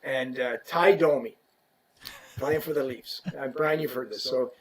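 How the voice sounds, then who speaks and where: Swearing freely and performing the dialogue, this podcast guest, a former equipment rep, tells an animated, profane story in a casual way. His mid-range male voice is a little slow, with slight background noise behind it.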